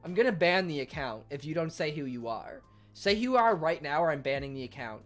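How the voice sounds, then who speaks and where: A young man chatting casually on his livestream in an animated, rambling way, full of fillers. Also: a little high, a little fast, faint music behind. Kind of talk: casual stream chat.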